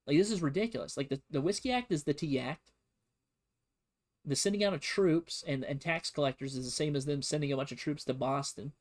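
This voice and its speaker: A man's voice: on the high side, brisk. A man giving a casual streamed history lesson, talking in a conversational, digressive way.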